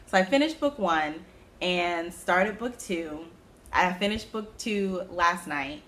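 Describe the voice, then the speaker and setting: A woman hosting her own knitting podcast, chatting casually about her projects and breaking into sudden high-pitched exclamations. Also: animated, slow pace, fairly bright tone. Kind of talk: casual chat.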